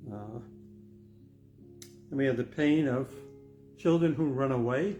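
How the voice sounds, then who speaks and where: A man's voice: medium pitch, measured pace, mellow, highs cut off. An older man, a pastor, preaching a sermon in an earnest, reflective way that builds to emphatic stress. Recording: music playing behind the voice. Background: guitar music.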